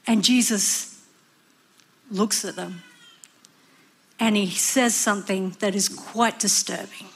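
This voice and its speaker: A woman preaching a sermon, earnest and expressive, sometimes acting out the voices of people in her story. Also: medium pitch, slow pace, pauses often, breathy edge. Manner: expressive, acts out voices and cries.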